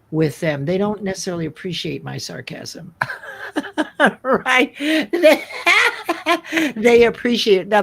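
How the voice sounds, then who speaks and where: A woman hosts a live online talk show at an unhurried pace. She rambles earnestly, circling back and restarting her sentences as she goes. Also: lowish voice, a little mellow, slightly rough. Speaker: host.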